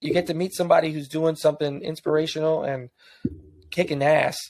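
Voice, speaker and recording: A man's voice: on the high side, fairly even intonation, fairly quick, a little mellow. A man co-hosting a podcast in casual chat, full of joking, self-deprecating banter. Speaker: podcast co-host.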